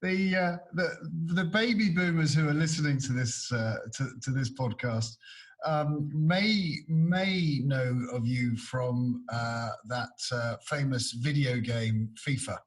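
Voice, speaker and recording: A man's voice: medium pitch, takes it slowly. A middle-aged man hosting a podcast, asking questions in a casual, hesitant way over a video call. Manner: hesitant, frequent restarts and laughs. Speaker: podcast host. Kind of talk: casual interview.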